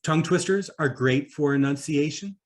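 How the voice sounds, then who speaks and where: Man giving a lively talk on public speaking. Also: on the high side, moderate pace. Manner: animated, demonstrates voice exercises aloud; conversational with fillers and laughs. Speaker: speaker at a speech conference.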